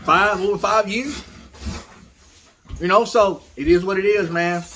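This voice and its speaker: A man's voice: high voice, a little slow, a bit bright, slight background noise. A man who breeds dogs, telling a story in a blunt, casual way and talking straight to his viewers. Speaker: dog breeder.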